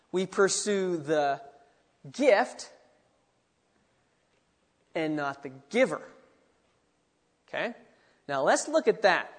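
A man preaching a sermon, animated, acting out quotes with sudden bursts of excitement. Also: sits high, long reverb tail.

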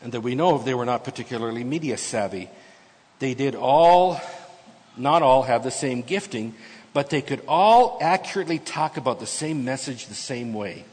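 A man's voice: mid-range voice, animated, normal speed, breathy edge. Preaching man in an echoing hall. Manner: expository preaching, swings from soft asides to loud emphatic proclamation. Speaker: pastor. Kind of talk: sermon.

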